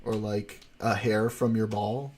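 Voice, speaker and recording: A man's voice: fairly low pitch, flat delivery, a little mellow, slightly rough. A man with an Argentine accent from Buenos Aires, hosting a livestream and chatting in casual, joking banter. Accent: Argentine Spanish (Buenos Aires). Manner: slow, joking, mock-indignant banter. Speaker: livestream host. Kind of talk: casual chat with a co-host.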